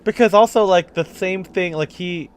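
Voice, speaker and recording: Slightly high-voiced man, rambling chat. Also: normal speed, clean tone. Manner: rambling, hesitant, laughs often. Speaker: podcast co-host. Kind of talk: casual chat.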